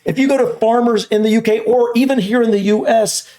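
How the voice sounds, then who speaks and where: A man with a mild Southern US accent, chatting casually on a reaction video, rambling and repeating words as he thinks aloud, a bit hoarse. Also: very high-pitched, fairly even intonation, a little fast, mellow. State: slightly hoarse.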